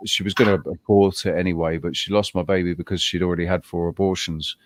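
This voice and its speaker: A man co-hosting a podcast, telling a personal story in a rambling, halting way with frequent restarts. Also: low-pitched, fairly even intonation, dry recording, clean studio sound. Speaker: podcast co-host. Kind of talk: casual chat.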